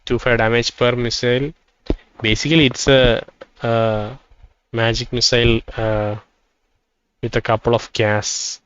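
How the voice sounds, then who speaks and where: A man playing a role-playing game, reading its text aloud and thinking out loud about what he finds. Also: medium pitch, flat delivery, unhurried, long pauses, clear, resonant tone, no room sound, highs cut off. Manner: thinking aloud, reads dialogue in quoted turns. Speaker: let's play gamer.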